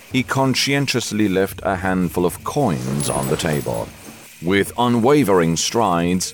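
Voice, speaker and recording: Deep, expressive male storyteller. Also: a little hiss or hum. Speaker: narrator. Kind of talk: audiobook narration.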